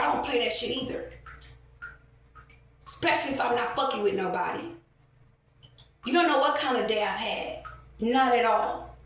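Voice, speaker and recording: In a fairly bright, slightly high voice, a female vlogger delivers a profane, heated story straight to camera, full of filler words, as a casual rant. The audio is distant and strongly echoey, with a faint hum of ambient noise.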